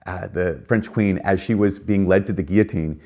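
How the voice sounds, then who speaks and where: Earnest man with a lowish voice. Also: moderate pace, mellow. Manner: earnest, conversational, with frequent fillers and emphatic rises. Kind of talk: reflective spoken talk.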